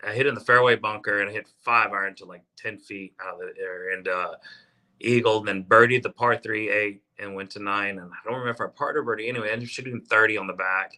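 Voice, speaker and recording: A man's voice: fairly low pitch, steady tone, fast, pushed and bright. A man in his fifties from South Texas, a golfer guest telling stories with lots of restarts and fillers. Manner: rambling, many restarts and fillers. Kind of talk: casual storytelling.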